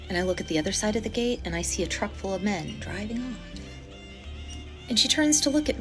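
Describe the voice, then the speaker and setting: A woman telling a personal story in a casual storytime, animated and dramatic, with blunt swearing. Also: mid-range voice, fairly quick, over music.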